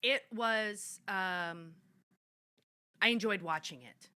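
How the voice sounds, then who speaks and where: A woman's voice: mid-range voice, takes it slowly, pushed and bright, smooth. A woman co-hosting a podcast, recapping a TV episode in a candid, playful way. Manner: candid, playful, swears casually. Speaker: podcast co-host. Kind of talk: casual chat recapping a TV episode.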